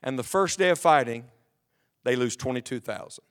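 A man's voice: mid-range voice, animated, moderate pace, clean tone. A male pastor preaching a sermon to his congregation, reading scripture aloud and asking the room emphatic questions. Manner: reads scripture aloud in King James wording. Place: church sanctuary with congregation.

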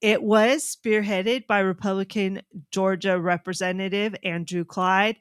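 A woman co-hosting a talk show, brisk and emphatic as she reads news stories aloud. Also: medium pitch, fairly even intonation, clear, resonant tone, no room sound, studio quality.

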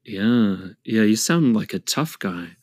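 A man co-hosting a podcast in casual chat, teasing the guest with a deadpan joking manner. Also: lowish voice, slow pace, no echo, studio quality. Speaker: podcast co-host.

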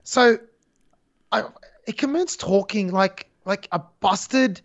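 A woman co-hosts a casual wrestling chat. She is animated and sarcastic and laughs often as she talks. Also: medium pitch, takes it slowly, lo-fi sound. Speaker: podcast co-host.

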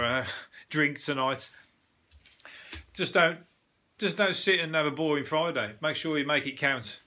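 A British man hosting a casual news podcast, ranting and joking in an animated, sweary way with laughing asides. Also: medium pitch, slight background noise. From Britain. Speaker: podcast host.

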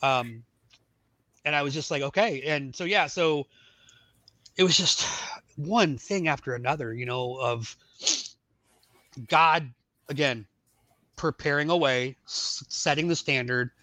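A man's voice: fairly high pitch, measured pace, long pauses, sharp tone, dry recording. A man, an Army veteran and podcast guest, telling his testimony in a casual, rambling way, full of "like" and "you know".

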